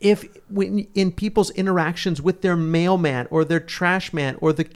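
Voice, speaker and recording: A man's voice: high voice, steady tone, normal speed, smooth. A man co-hosting a Bible study, explaining scripture earnestly with everyday examples in conversational chat.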